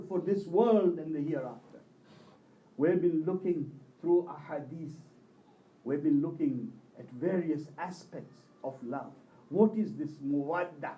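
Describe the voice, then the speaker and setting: A man's voice: a little high, measured pace, dark tone, muffled recording. A man preaching a religious sermon, telling a story with impassioned rises and falls in his voice. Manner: impassioned storytelling, voice rising and falling with emotion. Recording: echoey hall, mic at a distance.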